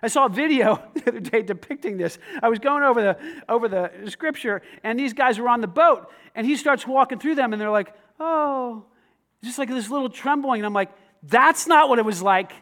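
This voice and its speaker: High-voiced animated preacher man. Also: a little fast, few pauses. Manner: animated, swings from loud emphasis to quiet asides; conversational, asks the congregation questions. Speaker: pastor. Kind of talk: sermon.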